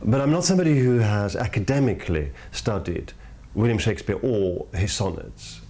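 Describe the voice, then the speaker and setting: Man, slightly low voice, earnest podcast commentary, measured phrasing, sudden emphatic lifts. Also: lively intonation, dark tone. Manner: earnest, emphatic, with sudden rises in pitch on key words; speaks in measured phrases, repeating points for emphasis. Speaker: podcast host. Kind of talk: reflective spoken commentary on poetry.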